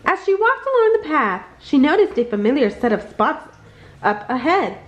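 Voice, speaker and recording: A woman reads a bedtime picture book aloud in a high, sing-song voice that rises and falls with every line. Her reading is playful and expressive, and it rings a little in an echoey room. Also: normal speed, lo-fi sound, a little hiss or hum. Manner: expressive, jumps high for characters' lines. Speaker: storybook reader.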